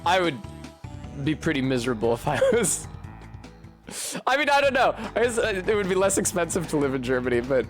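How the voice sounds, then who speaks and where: A man's voice: on the high side, big pitch swings, fast talker. A young man streaming a video game, rambling in casual chat with a sardonic, swearing manner. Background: faint game music.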